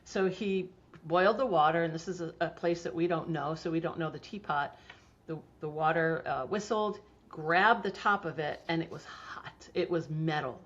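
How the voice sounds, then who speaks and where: A woman's voice: deep voice, normal speed. Chatty woman telling stories, dull recording. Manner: chatty storytelling, laughs often, frequent fillers. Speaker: homeopathy practitioner, guest. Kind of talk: casual interview talk. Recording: dull lo-fi sound.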